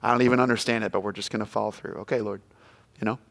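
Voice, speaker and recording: A middle-aged male pastor preaching a sermon, dropping to a hush and then shouting out quoted lines. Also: on the low side, very fast, gravelly. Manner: animated, swings from hushed to shouting quotes.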